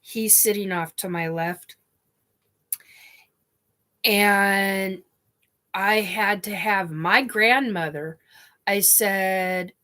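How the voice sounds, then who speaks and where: A woman's voice: medium pitch, sharp tone. Tearful woman telling a personal story. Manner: tearful, halting, with restarts and sniffs. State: crying. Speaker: vlogger. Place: her living room, TV on.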